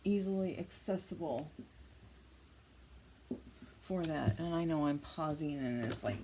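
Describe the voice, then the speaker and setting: A woman's voice: deep voice, lively intonation, measured pace, noisy background. A woman hosting a casual crafting tutorial, chatting and thinking aloud, muttering to herself as she works. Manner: chatty, mutters and scolds herself while working. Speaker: crafting channel host.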